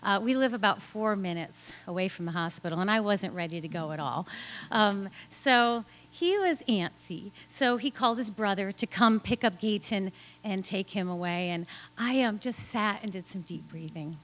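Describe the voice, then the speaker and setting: Bright-voiced woman telling a lively story. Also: mid-range voice, moderate pace. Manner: animated, laughing often, acting out quoted voices. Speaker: storyteller at a live story slam. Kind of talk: live personal storytelling.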